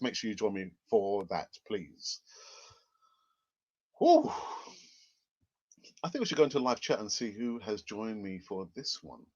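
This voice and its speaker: A man hosting a live football news stream, chatty and rambling with sarcastic asides. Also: lowish voice. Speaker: football channel host. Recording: dull lo-fi stream audio.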